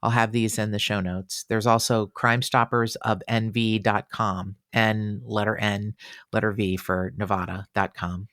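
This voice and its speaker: A man hosting a casual true-crime podcast, chatty and animated, with fillers and exclamations. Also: fairly low pitch, a little slow, no echo, clean studio sound. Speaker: podcast host.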